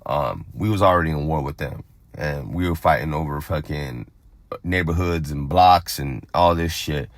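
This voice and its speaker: A young man with a very low, deep voice tells a rough street story straight into the mic. He swears a lot and acts out what everyone said. The sound is dry and close, with no room echo. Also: moderate pace. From Phoenix, Arizona. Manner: profane, animated, acts out other people's lines. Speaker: storyteller on a vlog channel.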